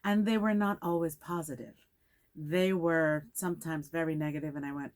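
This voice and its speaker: Older woman, Caribbean British accent, very low voice; measured, reflective interview guest who acts out quotes. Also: fairly even intonation. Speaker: guest actress.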